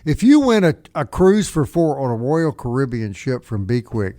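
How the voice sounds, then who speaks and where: A man's voice: medium pitch, sing-song, warm tone, no room sound. A middle-aged man with a Southern accent from Mississippi, co-hosting a casual radio talk show and telling folksy stories with long asides. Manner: folksy storytelling, drawn-out asides. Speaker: radio co-host. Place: radio studio. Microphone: studio mic.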